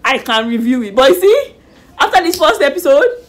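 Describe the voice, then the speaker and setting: A woman chatting casually in a lively, animated way as she reviews a reality show. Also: high-pitched, moderate pace. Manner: lively, animated retelling with slang. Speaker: YouTube reviewer.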